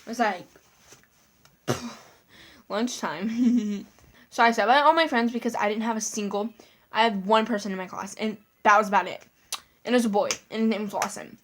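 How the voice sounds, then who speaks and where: A woman's voice: medium pitch, brisk, long pauses, a bit bright. A young woman casually telling a personal story to her viewers, full of "like" fillers and giggles. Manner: chatty, lots of "like" fillers, giggly asides. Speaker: vlogger.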